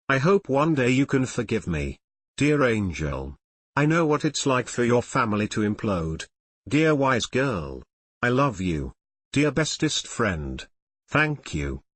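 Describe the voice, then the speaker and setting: A man's voice: mid-range voice, a bit bright, no room sound. A man reading aloud, voicing a lovesick, awkward teenage boy hero who confesses in tender notes. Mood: confessional. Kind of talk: audiobook reading of fan fiction.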